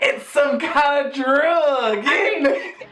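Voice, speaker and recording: A woman co-hosting a movie podcast, playful and quick to laugh in casual chat. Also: high voice, a bit bright, faint music behind.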